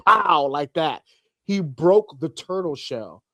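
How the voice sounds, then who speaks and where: A male podcast host with a slightly high voice takes his time, recorded dry and close. His casual comic banter features animated storytelling, acted-out voices and frequent laughter.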